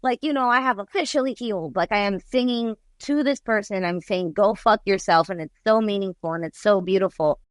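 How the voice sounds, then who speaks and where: Here a musician and guest artist in her forties rambles openly through a relaxed interview, leaning heavily on "like." She talks at medium pitch and a fairly quick clip, barely pausing, with no room sound at all.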